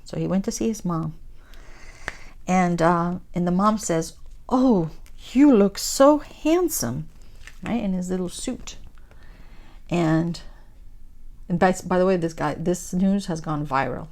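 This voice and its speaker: A woman's voice: fairly low pitch, a little slow, long pauses. A woman crafting vlogger chatting casually while diamond painting, retelling a story with lots of fillers and gushing asides to her viewers. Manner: warm, gushing asides addressed to viewers as guys.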